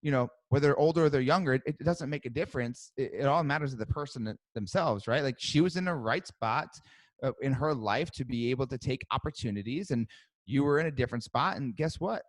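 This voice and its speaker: A man's voice: medium pitch, fast talker, dry recording. Man, growth coach, podcast guest, emphatic, encouraging, dry close sound. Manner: encouraging, emphatic, casual swearing.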